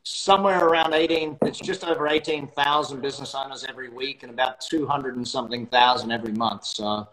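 A middle-aged man with an Australian accent talks confidently in a relaxed interview. His voice sits at an ordinary pitch, and he explains things with simple, everyday comparisons. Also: roomy sound, poor audio. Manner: confident, explains with homely examples. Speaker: podcast guest, business coach. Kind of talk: casual interview chat.

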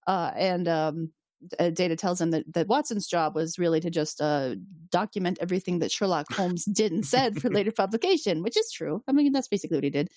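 A woman's voice: fairly low pitch, fairly quick, a little mellow, no room sound, studio quality. A woman co-hosting a podcast in casual, chatty talk, often laughing and swearing as she recaps. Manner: chatty, giggly, fillers and swearing. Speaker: podcast co-host recapping a TV episode. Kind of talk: casual chat.

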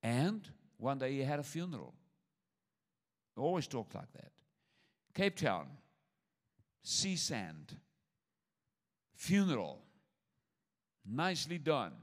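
A man's voice: mid-range voice, slow, pauses often. Older guy pastor, sermon, voice swings way up and down, joking, repeats himself. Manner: lively, humorous preaching with repetition and stammered restarts.

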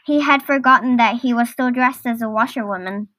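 A woman reading a children's story aloud in a gentle, deliberate storytelling manner. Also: a little high, a little hiss or hum.

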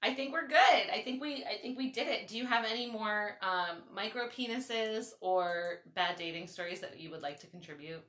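A woman hosting a podcast, telling a story in a casual, animated, foul-mouthed way. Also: mid-range voice, normal speed, few pauses, reverberant, distant mic. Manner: animated, swearing, lots of "like". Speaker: podcast host.

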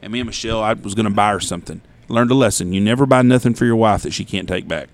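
A man's voice: on the low side, racing. A man, telling stories in a casual, profane chat. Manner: animated, profane storytelling.

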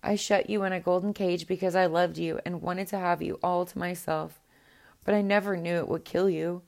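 A woman voicing a fond, gentle young princess in a storybook reading, speaking softly and affectionately. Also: fairly low pitch, fairly even intonation, moderate pace, gravelly. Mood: tearful.

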